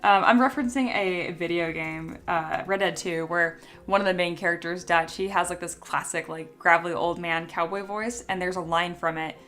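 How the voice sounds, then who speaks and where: A young woman hosting a casual sculpting livestream, chatty and answering viewers, her voice a little rough as she recovers from being ill. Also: fairly low pitch, fairly even intonation, normal speed, few pauses, a bit bright. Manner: chatty, reads chat aloud and answers. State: voice still recovering from illness.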